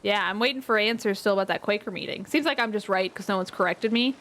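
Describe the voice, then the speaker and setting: A woman's voice: medium pitch, quick pace, a bit bright. A woman streaming a survival game with a friend, chatting casually and rambling, laughing often. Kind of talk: casual gaming chat.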